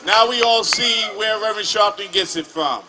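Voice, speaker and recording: A man acting as emcee at a protest rally, building up to a shouted introduction of the next speaker. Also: high-pitched, moderate pace, over loud music.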